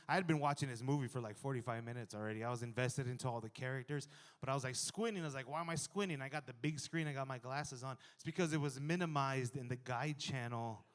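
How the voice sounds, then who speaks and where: A man in his thirties performs a stand-up comedy set, animated and bursting into loud exclamations during the acted-out bits. His voice sits in the mid-range.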